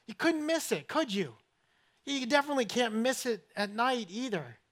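A man's voice: very high-pitched, normal speed, pitched above the performer's own voice. A man voicing a coaxing ancient teacher. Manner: lively, pointing things out, coaxing questions. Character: friendly ancient male teacher addressing a hillside crowd.

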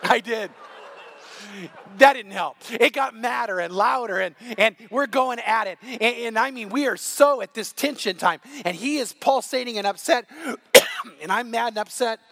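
A middle-aged man preaching a sermon as pastor, telling a story with animated, rising delivery that climbs to near shouting. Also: very high-pitched, normal speed, vocal fry.

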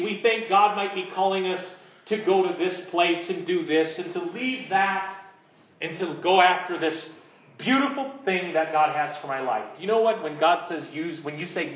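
A man preaching a sermon as pastor, building to emphatic peaks and dropping to hushed prompts for the congregation. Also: sits high, animated, normal speed. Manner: drops to a hushed voice leading a congregation. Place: church sanctuary. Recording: roomy, dull church recording.

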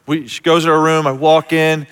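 A man's voice: on the high side, level tone, moderate pace, fairly bright tone, smooth. A male pastor telling a story in a conversational sermon, joking with the congregation and asking for amens. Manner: conversational, self-deprecating humor with audience call-outs. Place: church sanctuary before a congregation. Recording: long reverb of a large hall.

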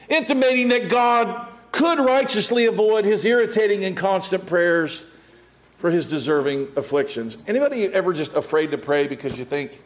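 A middle-aged man delivering a sermon in a notably high voice. He preaches with energy, acting out the people he quotes. He rises to loud calls and drops to hushed, quiet stretches. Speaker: pastor.

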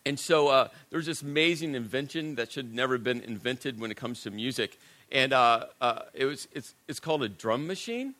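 A middle-aged man preaching a sermon, telling a personal story in a conversational, self-deprecating way and dropping to a hushed voice at serious moments. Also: mid-range voice, lively intonation, brisk, hardly any pauses. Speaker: pastor.

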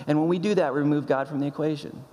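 A man's voice: fairly high pitch, steady tone, very fast, dark tone. Emphatic male pastor in a reverberant hall. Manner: emphatic, repeats key phrases. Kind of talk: sermon.

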